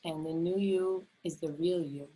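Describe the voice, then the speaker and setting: A woman's voice: lowish voice, steady tone, moderate pace, warm tone, breathy edge, poor audio. A middle-aged woman teaching a health webinar over a video call, earnest and repetitive, often restarting with fillers. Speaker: health educator. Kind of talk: enthusiastic webinar talk.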